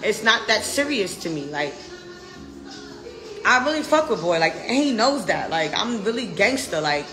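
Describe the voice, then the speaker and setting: A woman's voice: mid-range voice, big pitch swings, moderate pace, roomy sound, over music. An American woman ranting defiantly in a casual live video, brash and profane. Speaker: social media personality.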